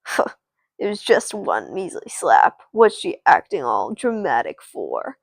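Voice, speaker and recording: A woman's voice: low-pitched, wildly swooping pitch, measured pace, creaky, husky, no echo, pitched below the performer's own voice, full character voice. A woman voicing an annoyed, dismissive father in a doll play story. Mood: scornful. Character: harsh angry father, middle-aged man.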